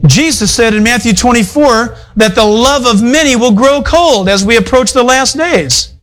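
A man's voice: very high-pitched, normal speed, a bit bright, poor audio. A male pastor preaching a sermon in a conversational, folksy way, full of asides to his congregation. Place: church fellowship hall.

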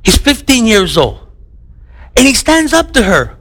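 A man's voice: very high-pitched, big pitch swings, moderate pace, fairly bright tone. A middle-aged man from the United States preaching a sermon, acting out the voices of people in his stories. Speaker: pastor.

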